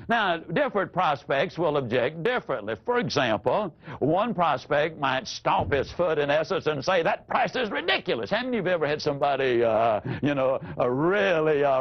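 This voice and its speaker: Lively male sales trainer, dull lo-fi sound. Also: a little high. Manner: lively, acts out quoted phrases with changing inflections. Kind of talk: training seminar lecture.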